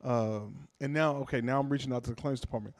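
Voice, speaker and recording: A man's voice: mid-range voice, fast talker, dry recording, clean studio sound. A man doing a stand-up comedy set, telling stories casually and acting out voices. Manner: casual, animated storytelling with character voices.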